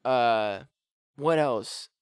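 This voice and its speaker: A man's voice: medium pitch, extremely slow, a little hiss or hum. A man chatting casually with friends, telling a story full of swearing, fillers and laughter. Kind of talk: casual chat.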